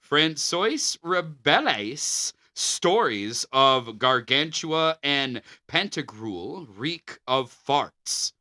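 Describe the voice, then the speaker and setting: Podcast co-host, slow-paced man, lively pitch, bright voice, dry amused read-through of notes. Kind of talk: reading notes in casual podcast chat.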